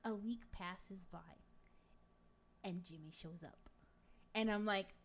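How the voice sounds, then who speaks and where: A woman's voice: mid-range voice, slow pace, slightly rough. A woman playing a brash, crude middle-aged gossip in a comic sketch, rambling through a story with plenty of swearing. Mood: brash, gossipy. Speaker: guest.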